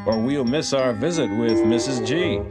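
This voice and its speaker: A woman voicing a cheerful, eager child visitor who talks briskly. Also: rumbling low, loud music behind the voice, pitched below the performer's own voice.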